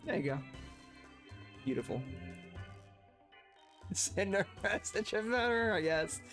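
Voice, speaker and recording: A man's voice: sits high, expressive, unhurried, a bit bright, faint music behind. A man chatting casually while streaming a video game, laughing often and rambling into asides. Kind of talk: casual gameplay chat.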